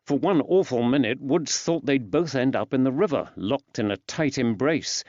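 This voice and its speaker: A man narrating an audiobook in a measured, even storytelling delivery. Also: medium pitch, no echo. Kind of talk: scripted narration. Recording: dull dry studio sound.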